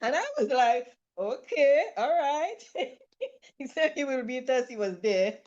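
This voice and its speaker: A woman's voice: high-pitched, normal speed, dull audio. A woman telling a travel story in casual talk, acting out the people she quotes. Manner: lively, acts out quoted voices, laughs often. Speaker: trip participant sharing a story.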